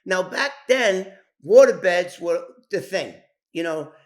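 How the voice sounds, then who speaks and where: A man tells his tale in a voice pitched a touch high. He talks loosely and profanely, wandering into asides and stumbling into restarts before picking the thread back up. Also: expressive, slow pace. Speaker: former informant telling his story. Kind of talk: casual storytelling.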